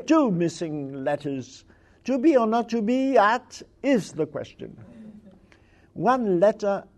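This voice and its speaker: A man reading examples of literary wordplay aloud to an audience, with a playful and deliberate delivery. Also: sits high. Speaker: speaker presenting literary wordplay.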